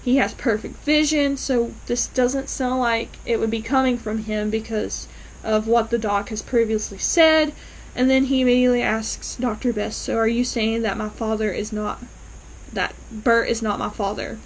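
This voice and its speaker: A woman's voice: on the high side, normal speed, slight background noise, rough recording. Chatty woman recapping a TV episode. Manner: chatty, lively retelling with frequent fillers and acted-out quotes. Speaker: TV episode reviewer. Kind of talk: casual recap and reaction.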